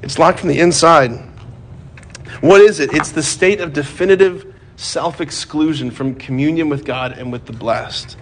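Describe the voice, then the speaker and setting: A man preaching a sermon in a conversational way, often saying "like" and "right?", moving from joking asides to hushed, grave emphasis. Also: on the high side, a little hiss or hum.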